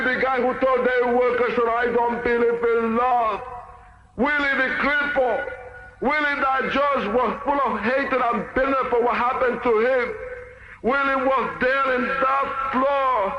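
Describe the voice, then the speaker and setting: Impassioned high-voiced man giving testimony. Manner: impassioned, storytelling, acts out quotes. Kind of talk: emotional testimony sermon. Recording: echoey, muffled, noisy recording.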